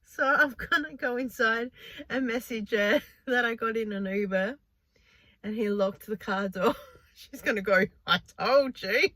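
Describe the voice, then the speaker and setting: A woman telling stories in a lively vlog, laughing often. Her voice sits a little high and sounds bright and sharp. The recording is close and dry, as if from a phone camera. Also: unhurried, no room sound. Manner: animated storytelling with frequent laughs. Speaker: vlogger. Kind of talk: casual vlog chat. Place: in a car.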